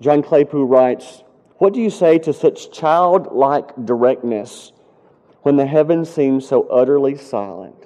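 A warm-toned man of medium pitch preaches a sermon as a pastor, speaking a little slowly as he recounts a story earnestly and then moves into passionate, pleading prayer. The recording sounds dull, with long hall reverb.

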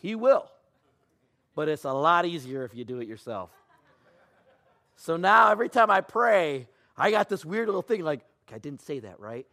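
Animated storytelling pastor, man. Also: sits high, normal speed, pauses often. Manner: storytelling with acted-out quotes, swinging from hushed to loud. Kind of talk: sermon.

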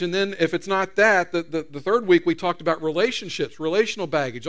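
A man's voice: sits high, a bit bright. A man preaching a sermon as pastor, in a conversational storytelling way with repeated restarts.

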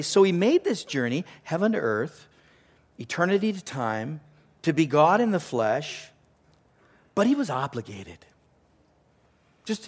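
A man preaching a sermon, earnest, repeating phrases for emphasis and sometimes dropping almost to a whisper. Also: on the high side. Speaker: pastor.

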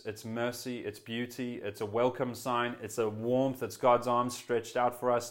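A man preaching a sermon in an earnest way, lifting his voice for quoted prayers and dropping soft at quiet moments. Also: lowish voice.

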